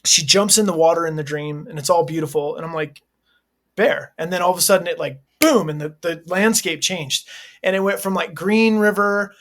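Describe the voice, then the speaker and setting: A man's voice: on the high side, steady tone, fairly quick, a bit bright. A man in his forties, a hardcore vocalist being interviewed, talking candidly in a laid-back, earnest way full of slang fillers. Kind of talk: candid casual interview talk.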